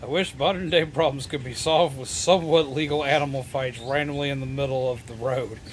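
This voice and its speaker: A man streaming a video game, talking casually and breaking into animated, profane shouted rants. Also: mid-range voice, brisk, a little hiss or hum. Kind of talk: casual live-stream commentary.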